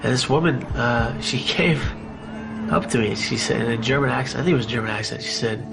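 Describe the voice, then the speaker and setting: Over music playing in the background, a man with a mid-range, vocal-fry voice talks fast. He is an interviewee telling his own story, and his testimony is candid and rambling, full of fillers and restarts.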